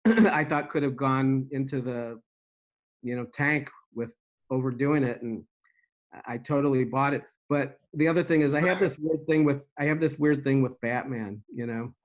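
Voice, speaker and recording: Agreeable man groping for words. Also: medium pitch. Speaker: podcast co-host. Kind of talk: casual chat.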